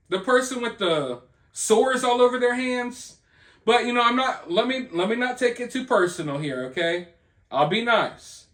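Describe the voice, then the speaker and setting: A man's voice: sits high, expressive, measured pace, fairly bright tone. A man hosting a commentary video, ranting in a sarcastic, mocking way. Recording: roomy echo.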